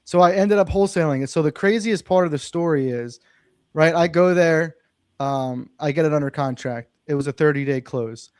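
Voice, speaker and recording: This time the young real estate investor sounds a little mellow, clear and resonant, pitched on the high side and talking at normal speed in studio-quality audio with no room sound. Guesting on a podcast, he relates a personal story with earnest emphasis and insists it really happened.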